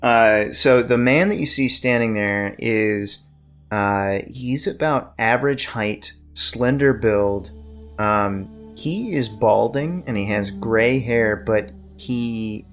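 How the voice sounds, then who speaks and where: A man's voice: medium pitch, slow pace, a bit bright, faint music behind. A man narrating a tabletop game as game master, describing scenes at length with many fillers.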